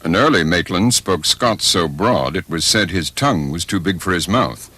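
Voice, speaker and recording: A man narrating a documentary in a measured, scripted way. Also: low-pitched, animated, pushed and bright, breathy edge.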